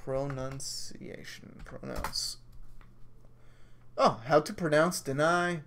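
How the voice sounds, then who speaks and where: A man's voice: a little high, slow, gravelly, fairly bright tone, a little hiss or hum. A man hosting a casual live stream review, rambling, cursing freely and poking fun at himself. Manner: rambling, profane and self-mocking. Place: at home during a storm.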